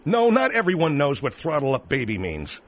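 Male call-in host, sarcastic and exasperated, a bit high and animated. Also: fairly quick, slight background noise. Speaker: radio talk show host. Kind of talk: call-in radio.

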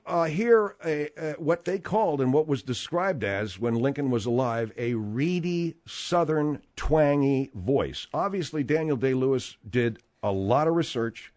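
Talk radio guy rambling on, lots of uh and restarts, really animated pitch. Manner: rambling, many fillers and restarts. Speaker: radio host.

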